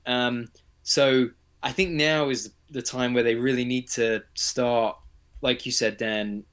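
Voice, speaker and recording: Earnest male guest, mid-pitched. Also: steady tone, slow, fairly bright tone, clean tone. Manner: earnest, explains his thoughts with restarts and fillers. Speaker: guest on a toy collecting livestream. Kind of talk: casual chat.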